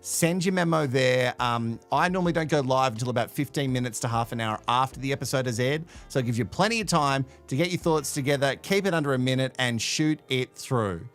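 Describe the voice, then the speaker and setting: A man's voice: medium pitch, a little fast, hardly any pauses, fairly bright tone, faint music behind. A man hosting a live stream, rambling and self-deprecating, with many fillers. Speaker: host.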